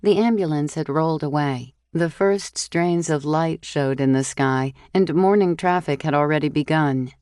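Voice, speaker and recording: A woman narrating a cozy mystery audiobook in a measured, unhurried way. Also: low-pitched, darkish tone, smooth, no echo, studio quality. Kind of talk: scripted narration.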